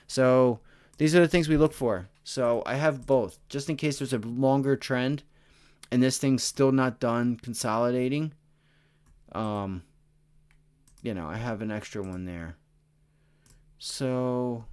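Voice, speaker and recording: A tired, excitable man hosting a livestream, talking casually through stock charts and addressing his chat. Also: medium pitch, a little slow, clear, resonant tone. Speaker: stock trading livestream host. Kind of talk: casual live chart commentary.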